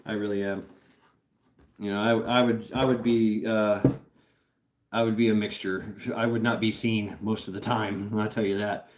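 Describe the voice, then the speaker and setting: A man's voice: fairly low pitch, flat delivery, moderate pace. A man hosting a casual livestream, reading out chat and rambling with laughs, swears and lots of fillers. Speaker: host reading live chat. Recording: roomy echo.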